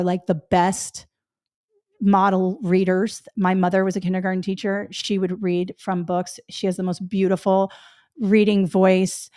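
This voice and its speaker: A middle-aged woman runs a test-prep webinar, talking in a chatty, emphatic way and repeating key points. Her voice sits at a middle pitch for a woman. It is recorded close and dry, with no room sound. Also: dry recording. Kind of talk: webinar lecture.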